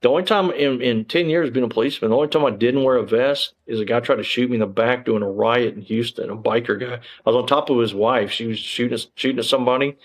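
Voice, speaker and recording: A man's voice: medium pitch, fast talker, few pauses, low-quality recording. A man, a former police officer telling his story in a casual interview, rambling with lots of fillers and frank swearing.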